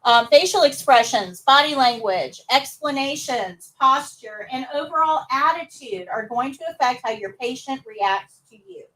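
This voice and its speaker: Female instructor, high voice, upbeat classroom teaching, mic set back from her. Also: animated, unhurried, hardly any pauses, fairly bright tone, distant mic, rough recording. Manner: upbeat, coaxing students to answer. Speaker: nursing assistant instructor. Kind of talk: live classroom lesson.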